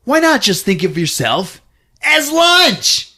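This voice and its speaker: A man voicing a creepy young male monster in a movie recap, with slow, mock-tender menace. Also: fairly high pitch, sing-song, gravelly, sharp tone, pitched above the performer's own voice, heavily acted. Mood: menacing.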